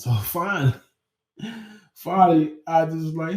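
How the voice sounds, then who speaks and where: A man hosting a podcast tells a story in loose, slangy talk that swears freely. When he acts out his own panic, his voice jumps high and loud. The sound bounces around a roomy space. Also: animated, normal speed, pauses often. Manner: slangy and profane. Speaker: podcast host. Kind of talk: casual storytelling. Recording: roomy echo.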